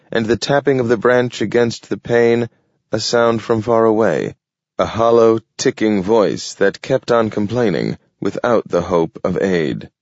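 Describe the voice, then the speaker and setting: Deep-voiced, slow male narrator. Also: a little mellow, dry recording. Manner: slow and measured. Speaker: audiobook narrator. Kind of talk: scripted narration. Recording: dull lo-fi audio, dry.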